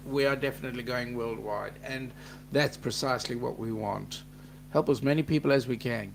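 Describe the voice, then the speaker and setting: A man's voice: mid-range voice, measured pace, gravelly, slight background noise. A man with an Australian accent co-hosting a casual livestream chat, reading out viewer comments with a joking, teasing manner.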